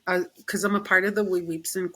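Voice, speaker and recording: A middle-aged woman, a podcast guest, chatting casually and telling animated stories, acting out her own quoted words with many fillers and easy laughter. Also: fairly low pitch, a little fast, slightly rough, low-quality recording. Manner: frequent fillers, laughs easily. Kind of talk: casual interview chat.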